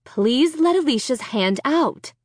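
A woman's voice: sits high, big pitch swings, measured pace, no room sound, clean studio sound, exaggerated voice. A woman playing an impatient, insistent young mother. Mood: impatient, frantic. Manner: insistent, rising to frantic.

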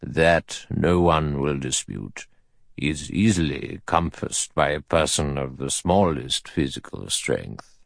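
A man voicing an elderly judge with a thin, sour, acid voice who speaks slowly and precisely. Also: a bass voice, expressive, gravelly, dry recording, voice pushed down, heavily acted. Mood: measured. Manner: slow, measured, dry.

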